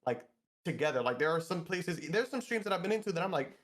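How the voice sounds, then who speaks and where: A man co-hosting a casual podcast, telling a story in an animated way and acting out what people said. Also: a little high, quick pace. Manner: animated storyteller, acts out quotes. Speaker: podcast co-host.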